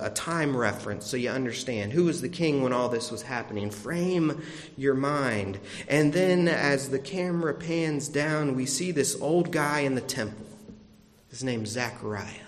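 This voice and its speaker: A young man preaches with a slightly high voice, casual and storytelling, acting out quoted lines in a loose, conversational way. His voice rings out with the long reverb of a big hall. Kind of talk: sermon.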